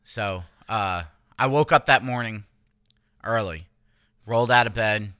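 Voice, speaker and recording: A man's voice: on the low side, a little slow, pushed and bright, clear, resonant tone, dry recording, clean studio sound. A man co-hosting a casual chat podcast, teasing his friend, laughing often and swearing freely. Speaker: podcast co-host.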